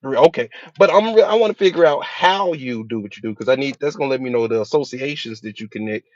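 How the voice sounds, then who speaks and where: A man's voice: medium pitch, lively intonation, fast talker, a little mellow, no room sound. A man, a hypnotherapist, giving a motivational speech with emphatic repetition, rhetorical questions and casual slang. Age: adult with a school-age child. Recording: dull dry lo-fi recording.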